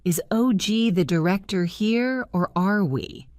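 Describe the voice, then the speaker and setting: A hot-headed theatre director, a middle-aged man, shouting and indignant, as a woman reads him in a storybook. The recording is dry and close. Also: mid-range voice, a little slow, no room sound, close to an everyday voice. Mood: angry.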